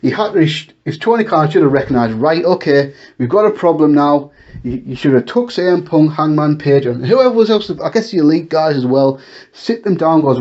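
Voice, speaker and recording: A man's voice: a little high, animated, normal speed, a little mellow. Guy ranting on his show, exasperated, voice jumps way up, kinda dull lo-fi audio. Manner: exasperated, ranting, rhetorical questions. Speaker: wrestling commentary host. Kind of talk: casual opinion talk. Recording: dull lo-fi recording.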